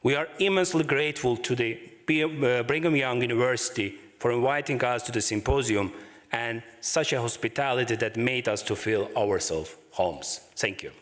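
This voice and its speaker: A man's voice: mid-range voice, normal speed, a bit bright, a little hiss or hum. Man speaking formally in a reverberant hall. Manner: formal and grateful. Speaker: conference speaker. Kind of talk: formal thank-you speech.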